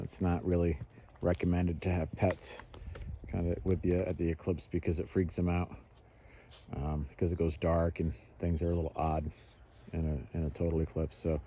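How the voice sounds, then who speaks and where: A man vlogging outdoors while walking his dog, rambling and thinking out loud with fillers, and slipping into high sing-song baby talk when he talks to the dog. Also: husky. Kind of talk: casual outdoor vlog chat. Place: outdoors, walking near trees. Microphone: handheld camera.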